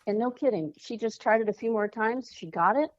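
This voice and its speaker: A woman guest on a podcast, a children's author and life coach, telling stories in lively, casual chat and acting out the quotes. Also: on the high side, brisk, no room sound, muffled recording. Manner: animated storyteller, acts out quotes.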